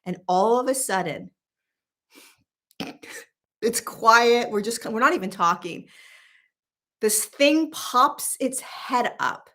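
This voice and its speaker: A woman spiritual teacher and host telling a casual story in an animated, emphatic, chatty way. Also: a little high, slow pace, long pauses.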